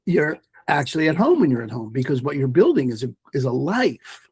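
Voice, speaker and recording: A man's voice: a little high, very animated, fairly quick, gravelly, a little mellow, husky, no room sound. A man speaking as a guest on a podcast interview, an emphatic mindfulness teacher who makes his points through stories. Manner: emphatic, storytelling, repeats phrases for effect.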